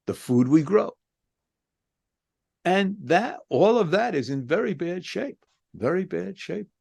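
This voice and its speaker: Male prof guest, gravelly voice, swoops up and down a lot, asks question after question. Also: mid-range voice, a little mellow. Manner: impassioned, piles up rhetorical questions. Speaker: philosophy professor and author, interview guest. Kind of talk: interview answer, reflective monologue.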